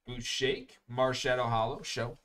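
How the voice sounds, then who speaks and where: This young man runs a live card break stream, speaking unhurriedly in a medium-pitched, slightly bright voice. As he rips open packs, he keeps up casual chatter and names every card.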